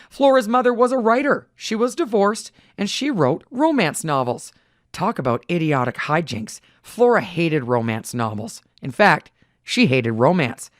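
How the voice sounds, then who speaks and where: Woman, storybook read-aloud, expressive, lively intonation, dry close sound. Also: fairly low pitch, dry recording. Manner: expressive, varied delivery. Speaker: reader.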